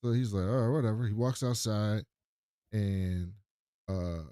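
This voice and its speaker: A man with a lowish, clear, resonant voice speaks slowly in studio-quality audio with no echo. Co-hosting a podcast, he casually recaps an episode in an animated way, acting out the characters' lines.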